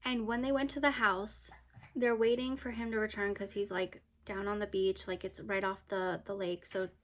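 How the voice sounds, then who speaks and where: A woman's voice: medium pitch, little pitch movement, moderate pace. A woman giving a casual book review, retelling the plot in a chatty way with many fillers and restarts.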